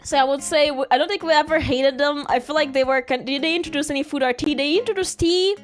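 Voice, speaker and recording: Giggly high-voiced woman streamer. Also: quick pace, soft background music. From Brazil. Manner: giggly, laughs often, loose storytelling. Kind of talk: casual rambling stream chat.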